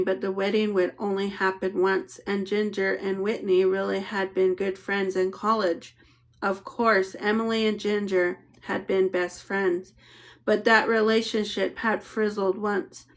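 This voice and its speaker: Woman, audiobook narration, steady reading, mid pitch. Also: a little slow.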